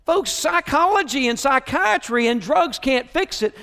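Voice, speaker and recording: A man with a Southern American accent preaching a sermon, moving between soft musing and raised, emphatic preaching. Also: very high voice, animated, measured pace, gravelly. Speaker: pastor. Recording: hall reverb.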